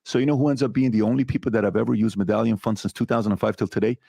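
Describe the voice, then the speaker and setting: A man's voice: lowish voice, fairly even intonation, rapid-fire, creaky, dark tone, husky, dry recording. A man on a podcast explaining investment returns, building his point step by step with rhetorical questions.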